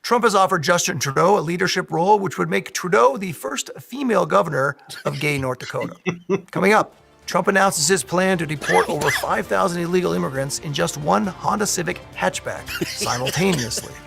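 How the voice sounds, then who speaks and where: A man reading a satirical news broadcast as the anchor, in a deadpan delivery. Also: sits high, a little fast, creaky, music in the background.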